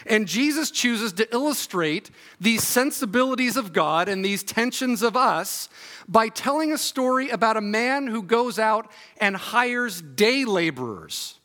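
High, bright-voiced male preacher. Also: a little slow. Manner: relaxed, joking asides before earnest teaching. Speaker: guest preacher. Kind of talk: sermon with scripture reading. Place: church sanctuary.

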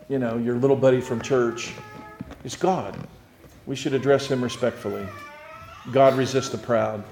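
A man preaching a sermon as pastor, earnest and restarting often, swinging between hushed and loud. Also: medium pitch, reverberant, slight background noise.

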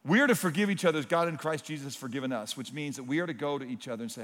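A man preaching a sermon. He talks in earnest, swinging between loud, emphatic points and hushed, close asides. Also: mid-range voice, racing. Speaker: pastor. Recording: long reverb of a large hall.

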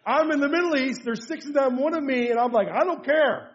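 A middle-aged American man, a pastor preaching a sermon, telling a story and moving from hushed tones to fervent bursts. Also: very high voice, quick pace, muffled recording. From United States.

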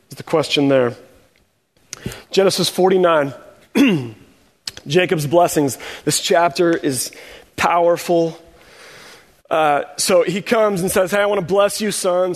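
A man's voice: a little high, big-room sound. A man preaching a sermon in a conversational way, acting out short quoted voices of the people in his story. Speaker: pastor.

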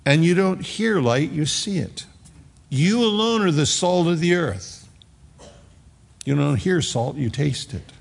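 Male pastor giving a sermon, emphatic, rising loud then dropping hushed, voice gravelly, in a church hall with long reverb. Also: fairly high pitch, expressive, unhurried. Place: church sanctuary.

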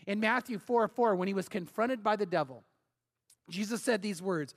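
A middle-aged man preaches a sermon in a raised, higher-than-usual voice. He leans hard into his points, stacking up repeated phrases as he builds. His delivery is earnest and emphatic throughout. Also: moderate pace. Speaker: pastor.

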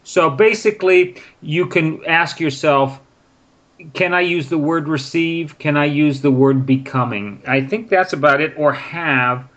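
Guy explaining grammar slowly w/ examples, kinda muffled lo-fi sound. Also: fairly high pitch, fairly bright tone. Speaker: English teacher. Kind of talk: casual spoken lesson. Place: in Prague.

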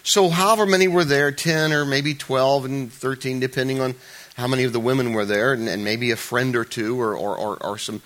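A man's voice: mid-range voice, steady tone, brisk, a bit bright. A man preaching a conversational sermon as a pastor, informal and chatty, with joking asides and frequent restarts.

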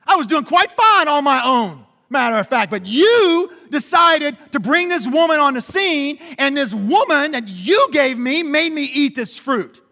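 High, bright-voiced preacher man in a hall. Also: measured pace, few pauses. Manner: animated preaching, drops to quiet emphasis and rises to shouts; asks the congregation questions and calls for responses. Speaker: pastor. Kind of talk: sermon.

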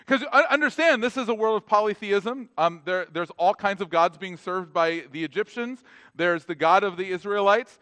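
A man's voice: sits high, moderate pace, a bit bright, no room sound. A man preaching a casual, conversational sermon as a pastor, full of asides and laughing at his own jokes.

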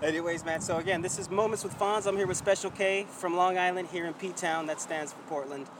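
A man's voice: high-pitched, fairly even intonation, a little fast, noisy background. A man hosting a casual podcast segment, laid-back and saying "man" a lot. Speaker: podcast co-host and interviewer. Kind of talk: casual chat.

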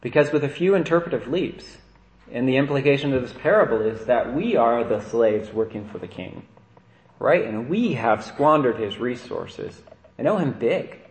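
Priest preaching in an echoey church. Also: male voice, mid-range voice, lively intonation, moderate pace, a little mellow. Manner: conversational preaching with frequent "right?" asides. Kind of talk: sermon.

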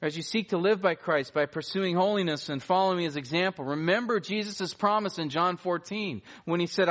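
A man preaching a sermon in a fairly high voice, emphatic and earnest. He leans on repetition, circling back to the same phrase to press it home. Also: a little fast, hardly any pauses, fairly bright tone. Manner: emphatic, repeats key phrases for weight. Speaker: pastor.

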